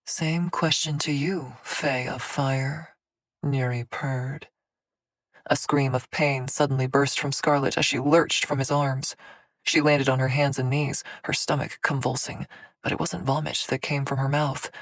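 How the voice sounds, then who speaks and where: A woman narrating a fantasy audiobook in a measured, dramatic storytelling manner. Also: a bass voice, flat delivery, no room sound. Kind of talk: scripted narration.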